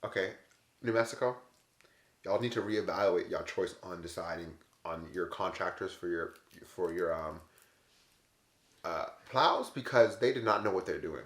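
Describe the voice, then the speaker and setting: A man telling travel stories in a casual, animated, exasperated way. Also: low-pitched, moderate pace. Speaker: vlogger. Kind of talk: casual storytelling. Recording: echoey room.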